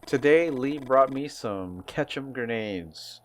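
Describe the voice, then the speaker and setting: Give me a fussy male weapons collector, as a man reads him out, lecturing at a mid pitch. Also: animated, slow, a little hiss or hum.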